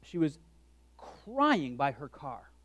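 A man preaching a sermon as pastor, animated and joking, acting out his own thoughts in quick asides. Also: a little high, dry recording, muffled recording.

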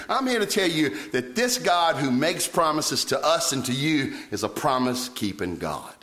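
A man preaches from the pulpit in a mid-range voice. He tells his story in a lively, animated way, with his pitch springing upward whenever he quotes himself. He sounds like a pastor in his thirties from Virginia. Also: moderate pace, few pauses. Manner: animated storytelling, sudden leaps in pitch when quoting himself. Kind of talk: sermon.

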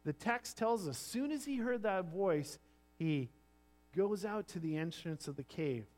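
A man preaching a sermon as a pastor, earnest, dropping to near-whispers and then swelling louder for emphasis. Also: sits high, animated, measured pace.

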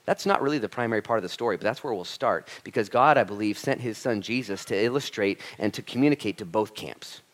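A man's voice: on the low side, fast talker, few pauses. A man preaching as a pastor, talking energetically and conversationally to his congregation. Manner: energetic, conversational preaching with animated quoted asides. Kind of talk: sermon.

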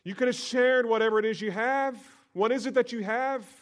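A man putting on the voice of exasperated male disciples, incredulous and raised. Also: brisk. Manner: incredulous, high and loud. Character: exasperated male disciples teasing their teacher.

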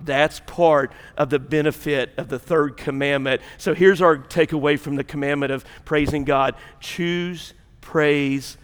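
A man's voice: fairly high pitch, fairly even intonation, normal speed, few pauses, long reverb tail. A man with a Mississippi Southern accent preaching a sermon as pastor, fervent and folksy, with colloquial speech.

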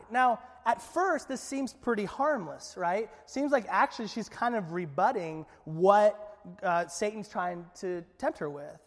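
A man's voice: sits high, unhurried, hardly any pauses, big-room sound. A man preaching a sermon as pastor, in an emphatic, conversational way.

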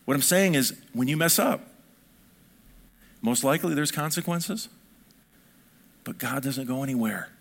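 A man's voice: medium pitch, expressive, measured pace, long pauses, fairly bright tone. A middle-aged man preaching a sermon in a conversational way, building up to emphatic peaks. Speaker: pastor.

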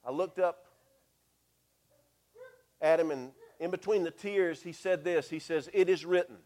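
A man, a pastor telling a story from the pulpit with a slightly high voice. He speaks earnestly and drops to a hushed, slow delivery when he quotes scripture. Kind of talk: sermon storytelling.

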